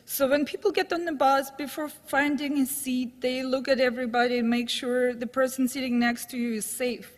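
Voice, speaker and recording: A woman with a high voice tells wry, anecdotal true stories to a live audience. Her voice carries a long reverb from the hall she performs in. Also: level tone, normal speed, few pauses. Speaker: storyteller. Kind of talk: live true-story telling. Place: stage in a hall.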